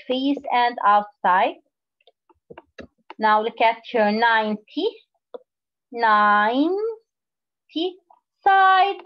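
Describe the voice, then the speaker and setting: A woman teaching a phonics lesson to young children, explaining slowly and repeating words. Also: high-pitched, lo-fi sound. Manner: slow, drawn-out teacherly explaining with repetition.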